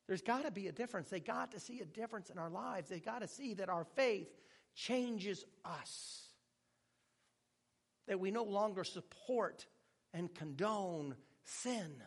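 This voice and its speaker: A male pastor preaching a sermon with animated delivery and joking asides, at times dropping to a hushed tone. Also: sits high, unhurried.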